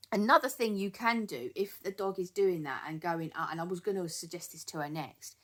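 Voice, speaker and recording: A woman's voice: fairly low pitch, fairly bright tone. Chatty woman dog trainer. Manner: chatty, repeats words, many ums. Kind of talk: casual talking-to-camera advice.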